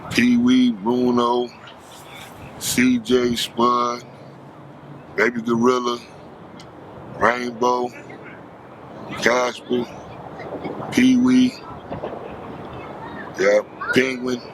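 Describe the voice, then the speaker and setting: A man's voice: medium pitch, monotone, extremely slow, pauses often, background noise. A man from Los Angeles telling stories in an interview, heavy with street slang. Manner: street slang, acts out quoted voices. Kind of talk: storytelling interview.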